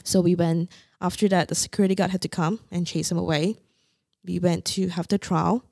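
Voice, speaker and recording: A young woman from Singapore calmly and candidly telling a painful personal story as a podcast guest. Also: fairly low pitch, fairly quick, creaky, no echo, studio quality. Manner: candid, quietly recounting painful memories.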